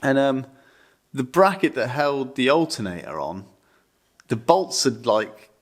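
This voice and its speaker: A man's voice: mid-range voice, sing-song, measured pace. A young man, co-hosting a podcast and telling a story casually, swearing freely and rambling with many fillers. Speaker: podcast co-host.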